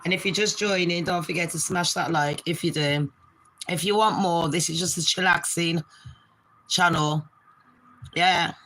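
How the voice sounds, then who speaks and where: A British woman in her forties hosting a casual live stream from her bedroom, talking fast and swearing freely as she chats to her viewers and calls them babes. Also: on the low side, steady tone, fairly bright tone, a little hiss or hum, rough recording. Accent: British English.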